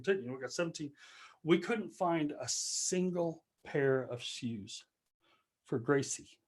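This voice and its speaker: A man giving an earnest motivational talk over a video call, rambling and joking. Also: a little high. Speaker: speaker.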